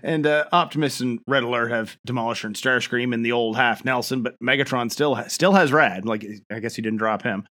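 A man's voice: medium pitch, fairly quick, hardly any pauses, pushed and bright. A man co-hosting a podcast, recapping a cartoon plot in laid-back casual chat with dry humor and chuckles. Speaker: podcast co-host.

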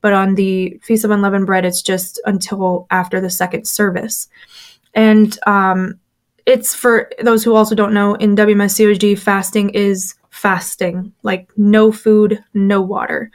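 Woman, interview guest, candid storytelling, chatty, mid-pitched voice, casual delivery. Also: flat delivery, measured pace. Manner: candid, chatty, fillers and restarts, acts out quoted voices. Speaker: former church member telling her story.

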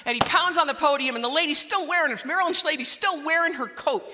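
Middle-aged woman telling a story up on stage, super bright sharp voice, keeps stammering the same word, big echoey hall. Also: sits high, fast talker. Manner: animated, repeats words when excited. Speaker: public speaker. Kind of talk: storytelling speech. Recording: long reverb of a large hall.

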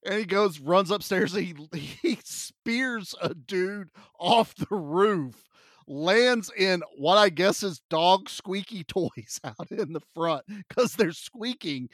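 A man's voice: high-pitched, slow pace, no room sound, clean studio sound. A man co-hosting a casual movie podcast, animatedly retelling scenes and laughing as he goes. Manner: animated, laughing storyteller who quotes scenes. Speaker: podcast co-host.

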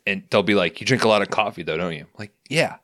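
A man in casual chat, telling crude, animated stories about the dentist. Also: fairly low pitch, fast, dry recording, studio quality. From St. Louis.

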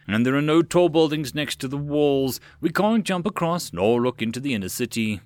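A man's voice: fairly high pitch, expressive, moderate pace, a little mellow, lightly acted. A man voicing a terse, practical adult soldier in a storybook reading.

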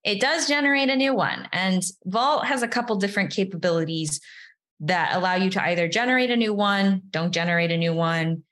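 A woman's voice: medium pitch, fairly quick, fairly bright tone. A woman, a developer advocate guest, explaining step by step in casual interview talk, often adding "you know" and "right".

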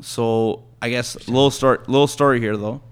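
A man's voice: medium pitch, fairly even intonation, normal speed, clear, resonant tone. Rambling Canadian guy telling stories. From Thunder Bay, Ontario, Canada. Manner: rambling, restarts with "so anyways", acts out quotes. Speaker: podcast guest. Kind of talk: casual storytelling.

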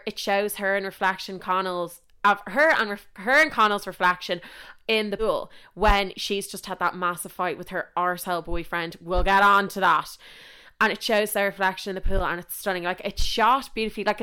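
A young Irish woman talks as a podcast host, chatty and animated, sprinkling in casual swearing and running away with her thoughts. Her voice is smooth and clear, sitting at a middling pitch. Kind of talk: casual chat.

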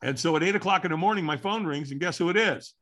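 A man's voice: a little high, fast, fairly bright tone. An older man from California, a guest in an interview, tells his personal story earnestly and candidly and voices his own past thoughts aloud.

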